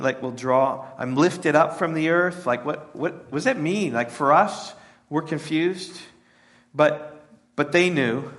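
A man preaching a sermon in a conversational way, often checking in with "right?" and voicing the crowd's lines in a higher, animated tone. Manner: voices the crowd's lines in a raised, animated pitch. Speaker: pastor.

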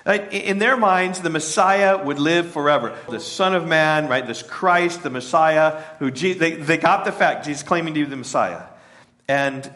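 A man preaching a sermon in a conversational way, often checking in with "right?" and voicing the crowd's lines in a higher, animated tone. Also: moderate pace. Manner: voices the crowd's lines in a raised, animated pitch. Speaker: pastor.

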